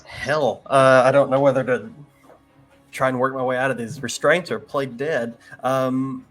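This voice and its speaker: A man's voice: medium pitch, steady tone, measured pace, fairly bright tone. A man playing a tabletop game, thinking aloud in a hesitant, casual way. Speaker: player. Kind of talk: casual tabletop role-play. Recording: faint music behind.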